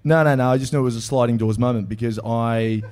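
A man tells a story in casual conversation. He is animated and quick to laugh, with the odd swear word. His voice sits at an ordinary middle pitch. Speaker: guest storyteller. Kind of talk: casual podcast chat.

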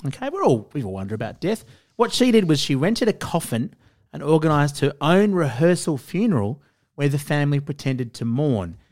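A man co-hosting a comedy podcast, his fairly high voice swinging widely in pitch. He introduces segments with dry, mock-formal banter. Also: sing-song, normal speed, darkish tone. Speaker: co-host.

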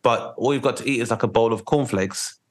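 A man's voice: mid-range voice, brisk. A man hosting a comedy podcast, riffing in a loose, jokey, rambling way. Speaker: podcast host. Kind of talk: casual comedy podcast chat.

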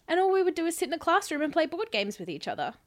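A woman co-hosting a podcast, telling stories in a relaxed, chatty way. Her laughter comes through easily as she talks. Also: very high voice, rapid-fire. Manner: chatty storytelling, laughs often. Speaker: podcast co-host. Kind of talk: casual chat.

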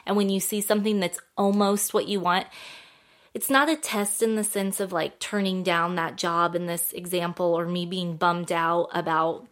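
A woman's voice: lowish voice, steady tone, moderate pace, fairly bright tone. A woman hosting a talk show, telling a story casually in a chatty way, full of fillers and little acted-out quotes. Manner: chatty, filler-heavy, acts out quotes in a lifted voice.

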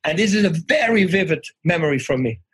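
Husky-voiced man. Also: on the high side, brisk, low-quality recording. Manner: animated, acts out quoted voices, restarts often. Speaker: interview guest. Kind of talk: conversational storytelling.

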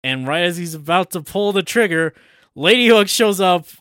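A man chatting on a podcast, recapping a movie scene by scene with frequent laughs and casual cursing. His voice is bright and a bit tense, recorded dry and close with no room sound. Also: sits high, animated, normal speed, dry recording. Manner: retells scenes with laughs and swearing. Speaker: podcast co-host.

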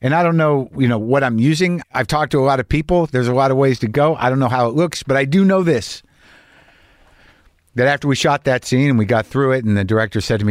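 A man's voice: mid-range voice, fast talker, dry recording, clean studio sound. Rambling, earnest middle-aged man. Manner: rambling, earnest, swears casually. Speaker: actor. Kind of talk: casual personal vlog monologue.

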